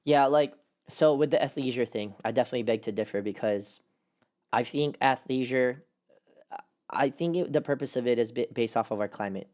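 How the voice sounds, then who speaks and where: A man co-hosting a casual podcast chat, talking in an animated, rambling way with lots of fillers. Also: medium pitch, normal speed. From California. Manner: animated, rambling with many fillers and quoted put-on voices. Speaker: podcast co-host.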